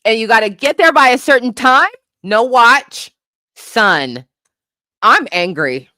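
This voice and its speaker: A woman co-hosting a podcast, ranting in a profane, animated way and laughing often. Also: fairly high pitch, takes it slowly, dry recording, clean studio sound. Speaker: podcast co-host. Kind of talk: casual comedic commentary.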